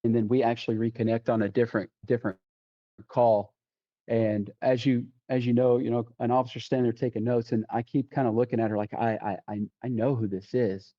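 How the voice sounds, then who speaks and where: A man's voice: mid-range voice, flat delivery, a little fast. A man, a deputy sheriff, telling a personal testimony on a podcast, retelling conversations with quoted lines and often restarting his sentences. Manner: vivid retelling with quoted dialogue and frequent restarts. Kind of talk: testimony storytelling. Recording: dull lo-fi sound.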